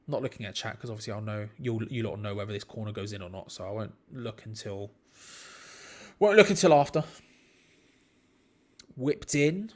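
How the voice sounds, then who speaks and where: A man's voice: fairly low pitch, expressive, normal speed, pauses often, a little mellow. Chatty young man commentating. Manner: chatty, rambling, self-deprecating. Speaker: watch-along host. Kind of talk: casual live match commentary.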